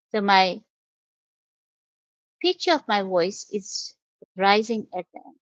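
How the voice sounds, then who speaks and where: Slow, patient woman teaching English. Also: medium pitch, expressive, dry recording. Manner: patient, spells out each step. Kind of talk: slow, careful classroom explanation. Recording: dull, dry lo-fi audio.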